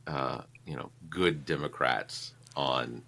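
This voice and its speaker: Very deep, bright-toned man chatting. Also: slow, creaky. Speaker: podcast host. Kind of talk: casual chat.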